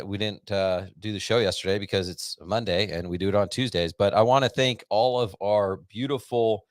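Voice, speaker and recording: A man's voice: fairly low pitch, clean tone, dry recording, clean studio sound. A middle-aged American man hosting a podcast, chatting casually and rambling upbeat with many fillers. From United States. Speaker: podcast host. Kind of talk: casual monologue to a live audience.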